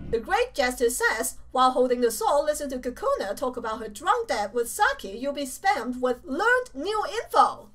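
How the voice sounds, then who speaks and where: A woman's voice: high voice, sing-song, normal speed, few pauses, a bit bright, far from the mic, soft background music, poor audio. A woman doing playful, giggly let's play commentary over a game. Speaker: gamer.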